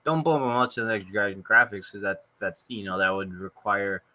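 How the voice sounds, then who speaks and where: A man's voice: fairly low pitch, fairly even intonation, normal speed, sharp tone, no echo. A young man co-hosting a gaming podcast in casual chat, asking blunt questions and swearing. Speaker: podcast co-host.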